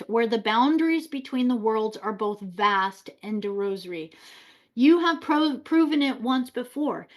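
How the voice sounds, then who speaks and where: A woman's voice: on the high side, lightly acted. A woman reading as a mocking boy king. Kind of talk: dramatic story reading.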